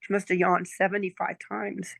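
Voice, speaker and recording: Brief: gravelly-voiced woman in her sixties, chatty storyteller, dry close sound. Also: on the low side, level tone, moderate pace, dry recording. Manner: chatty, checks in with "okay?" and "right?". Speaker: client giving a testimonial. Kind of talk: casual storytelling chat.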